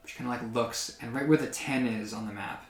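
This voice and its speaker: A man's voice: medium pitch, brisk. Chill guy gm, lots of ums n likes, echoey room. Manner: hesitant, full of fillers, casual. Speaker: game master. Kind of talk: narrating a tabletop game.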